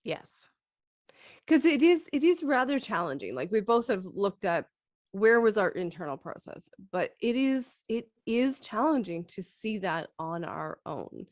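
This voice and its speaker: A woman's voice: medium pitch, very animated, unhurried, no echo, studio quality. A woman co-hosting a casual talk, speaking in a thoughtful, candid way. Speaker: co-host. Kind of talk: casual chat.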